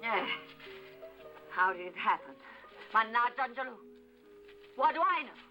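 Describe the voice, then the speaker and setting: An actress playing a passionate, hot-tempered woman who turns tender and hushed, in a 1970s film drama. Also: a little high, animated, a little slow, muffled recording, music in the background. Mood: bitter. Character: fiery, passionate woman, torn between two loves.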